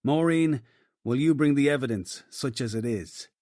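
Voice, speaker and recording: A man voicing a commanding detective chief giving orders with brisk, dry humour. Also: mid-range voice, darkish tone, dry recording, close to an everyday voice. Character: wry, commanding male detective boss.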